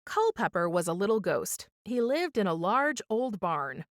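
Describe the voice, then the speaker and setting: Lively woman reading a kids' story. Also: mid-range voice, measured pace, no room sound, studio quality. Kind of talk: children's storytime read-aloud.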